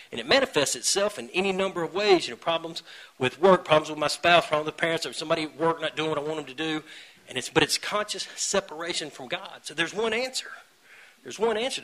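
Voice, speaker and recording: A man with a drawl sharing his story to a recovery meeting room. His voice sits a touch high and rings bright and forceful. He is earnest and mocks his own habits, jumping now and then into loud bursts. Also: animated, fast, low-quality recording. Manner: earnest, self-mocking humor with sudden loud bursts.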